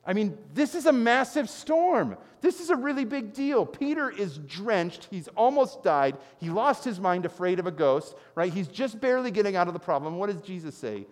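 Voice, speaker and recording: A male pastor preaching a sermon, moving between loud, emphatic passages and quiet, earnest ones. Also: high voice, sing-song, moderate pace, hardly any pauses, in a large hall.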